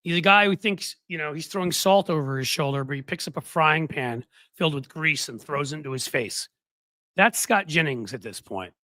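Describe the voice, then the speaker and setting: A man's voice: on the high side, lively intonation, normal speed, pushed and bright, dry recording. A man hosting a political commentary stream in casual talk, mocking his target and quoting others in put-on voices.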